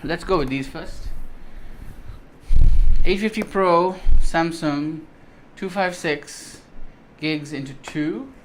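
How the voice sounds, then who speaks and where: Excited man rambling through a tech unboxing. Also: a little high, slow, slight background noise. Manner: enthusiastic, rambling, many fillers and restarts. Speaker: tech vlogger. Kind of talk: casual unboxing chat.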